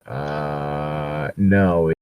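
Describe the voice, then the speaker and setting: A man's voice: very deep voice, steady tone, extremely slow, smooth, no room sound, lo-fi sound. A man co-hosting a comedic fanfiction reading, chatty and explaining things at length. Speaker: podcast co-host reading aloud.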